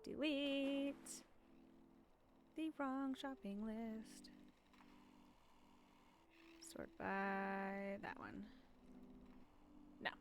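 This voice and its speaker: A woman's voice: a little high, level tone, very slow, pauses often, a little hiss or hum. A woman streamer chatting casually and rambling while she plays, often giggling. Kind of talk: casual chat while gaming.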